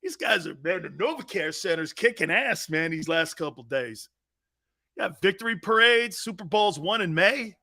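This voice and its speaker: Blunt high-voiced male sports talk host. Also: animated, normal speed, sharp tone. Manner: blunt, profane, mocking, laughs often.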